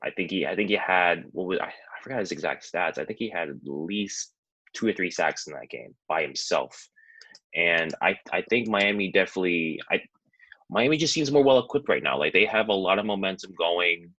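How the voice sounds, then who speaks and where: A man's voice: low voice, animated, fairly quick, pushed and bright, no echo, rough recording. A man who is a guest on a sports podcast, giving his football take in a rambling, hesitant way with many fillers. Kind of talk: casual sports talk.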